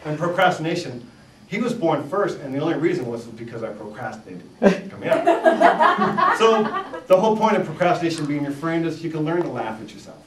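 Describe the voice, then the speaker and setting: A middle-aged man giving a humorous talk before an audience, spinning animated, self-mocking stories. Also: fairly high pitch, a little fast, reverberant, far from the mic, a crowd in the background, rough recording. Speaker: speaker. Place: live event room with audience.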